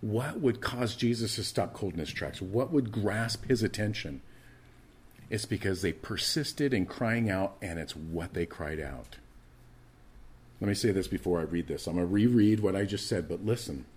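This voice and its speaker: A man preaching a morning sermon as pastor, swinging from loud emphatic lines to hushed asides and often repeating words as he restarts. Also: lowish voice, normal speed, breathy edge.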